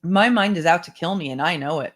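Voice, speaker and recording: A book club host reads a memoir aloud to an online group, keeping a measured, even delivery in a mid-range voice. Short asides to the listeners break in now and then between passages. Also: mid-range voice. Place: home setup, online stream.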